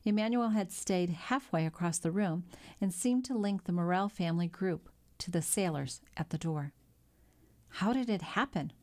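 A woman narrating a classic novel in a measured, even storytelling delivery. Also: on the low side. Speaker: audiobook narrator. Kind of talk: scripted narration.

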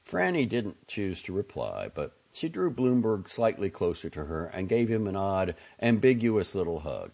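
A man reading narration for an audiobook in a measured, dry way. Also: low voice, sing-song, creaky, darkish tone. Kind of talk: scripted narration. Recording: dull lo-fi audio.

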